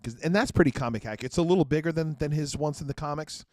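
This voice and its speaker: A man hosting a casual pop-culture podcast, excitable, often restarting his sentences. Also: a little high, racing, no room sound, clean studio sound. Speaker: podcast host. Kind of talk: casual chat.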